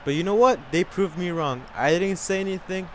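A young man commentating his own soccer video game live, excitable and swearing, whooping and yelling at big plays. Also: high-pitched, moderate pace, slight background noise. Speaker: gamer.

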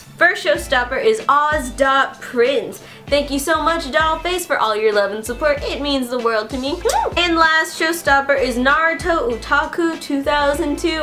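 On her vlog, a young woman with a high, bright voice chatters her way through an online quiz, cursing constantly and swinging between mock outrage and giggles. Soft music plays faintly in the background.

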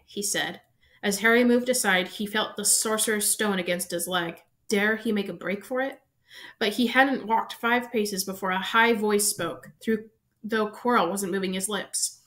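A woman reading a children's novel aloud in an expressive storytelling manner. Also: mid-range voice, moderate pace. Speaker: reader.

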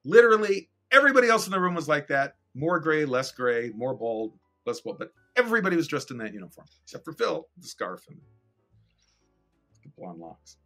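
A man's voice: a little high, sing-song, fairly quick, pushed and bright, faint music behind. A middle-aged man, a guest animator and director, telling an anecdote casually and animatedly, acting out scenes and swearing freely.

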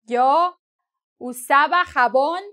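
A woman teaching a bilingual lesson, deliberately, switching between English and with playful asides. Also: high voice, a bit bright. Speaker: Spanish teacher.

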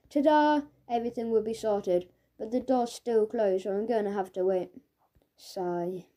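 A woman narrating a children's audiobook in the first person, in a lively, playful storytelling manner. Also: fairly high pitch.

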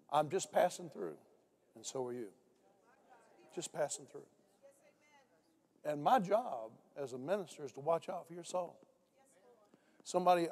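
An older man preaching a sermon to a church congregation, dropping his voice low when he tells stories. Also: darkish tone. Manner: storytelling preacher, voice drops low for quoted speech. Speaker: pastor. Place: church sanctuary.

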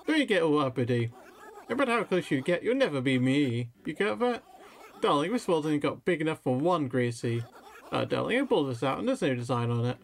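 A man's voice: fairly high pitch, sing-song, fairly quick, creaky, slight background noise. A man reading aloud as a sassy female giraffe fashion designer with a diva streak, over faint game music.

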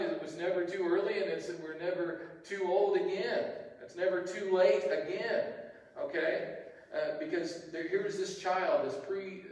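A man's voice: on the high side, darkish tone. A man preaching a sermon as pastor, telling the story conversationally with frequent restarts. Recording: echoey hall, distant mic.

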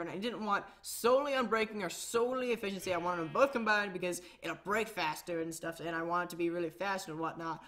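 A woman's voice: mid-range voice, bright, forceful tone. Chatty woman rambling over her gameplay. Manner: chatty, rambling, self-mocking. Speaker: Minecraft let's-play host. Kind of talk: casual gameplay commentary.

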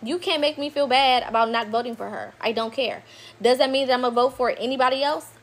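A woman's voice: sits high, quick pace. A woman giving a blunt, profane direct-to-camera rant, hammering points by repeating them. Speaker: political commentator.

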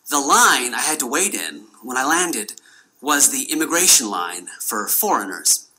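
A young man telling a humorous personal story in a wry, self-mocking, animated way. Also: a little high, a little hiss or hum, poor audio.

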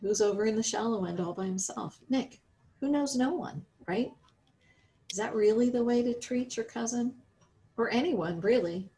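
Animated woman reading a story aloud. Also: fairly high pitch, moderate pace, low-quality recording. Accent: American. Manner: expressive storytelling, rhetorical questions to the listener. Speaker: religious education teacher.

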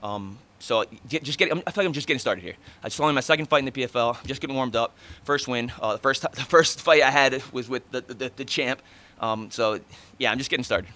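A man in his thirties, mid-range in pitch with a sharp tone, fields reporters' questions at a post-fight press conference. He's blunt and talkative, answering fast and swearing freely.

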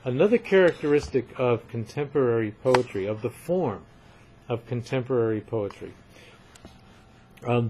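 Male literature lecturer, slow and deliberate, emphatic and repetitive delivery over a soft rumble. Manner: measured, emphatic, repeats points for students. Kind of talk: recorded lecture.

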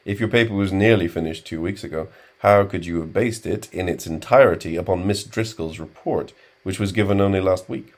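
A stern, tired male professor, voiced by a male reader, cold and level in his speech. The voice is very deep and kept quiet and restrained. It is read from an audiobook. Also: brisk, hardly any pauses. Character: weary, stern middle-aged male professor.

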